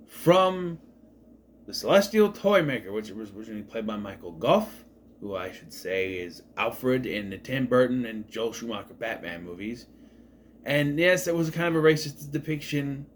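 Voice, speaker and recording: A man's voice: medium pitch, slight background noise. A man giving a casual, enthusiastic spoken review of a TV show, rambling and often correcting himself.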